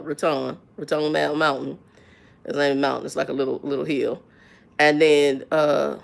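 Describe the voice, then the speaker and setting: A woman's voice: sits low, vocal fry. Frank, slangy middle-aged woman on a livestream. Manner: animated storytelling, voice jumps up when riled; slangy, frank, repeats words. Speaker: livestream host. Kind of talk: casual livestream chat.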